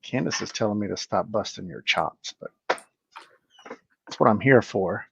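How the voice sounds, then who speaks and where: A man's voice: on the low side, expressive, normal speed, vocal fry, dull audio, slight background noise. A man co-hosting a casual online chat, joking and arguing technicalities with a wry manner. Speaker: co-host.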